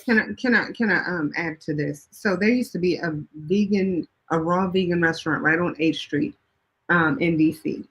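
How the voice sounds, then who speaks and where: A woman's voice: on the low side, normal speed, poor audio. A woman from Washington DC co-hosting a casual chat show, telling stories emphatically and playfully. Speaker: co-host.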